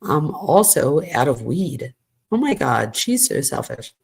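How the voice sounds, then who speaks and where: A woman's voice: extremely low pitch, very animated, measured pace, vocal fry, a little mellow, breathy edge. A woman hosting a true crime channel, reading text messages aloud and breaking in with exasperated asides. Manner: exasperated asides between quoted texts.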